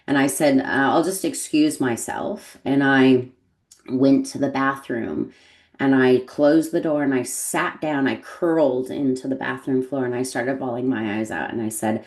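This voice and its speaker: A woman's voice: very deep voice, moderate pace. A middle-aged American woman, a podcast guest, telling a personal story in casual conversation and acting out the dialogue. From United States. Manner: animated storyteller, acts out quoted dialogue.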